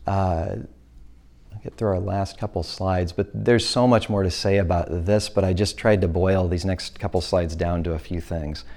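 Male church speaker, slightly low pitch, earnest and direct, restarts sentences often. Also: fairly even intonation, moderate pace, a little mellow. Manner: earnest, plainspoken, frequent self-corrections. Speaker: speaker at a church talk on abuse. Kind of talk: presentation with audience Q&A.

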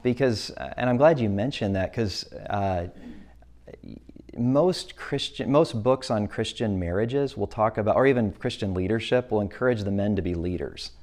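Male church speaker, slightly low pitch, earnest and direct, restarts sentences often. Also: normal speed, a little mellow. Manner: earnest, plainspoken, frequent self-corrections. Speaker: speaker at a church talk on abuse. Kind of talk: presentation with audience Q&A.

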